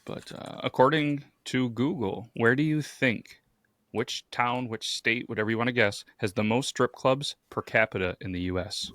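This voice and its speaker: A man's voice: mid-range voice, normal speed, a bit bright, no echo. A man co-hosting a podcast in casual chat, who laughs easily and reads facts aloud in a dry way. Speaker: podcast co-host.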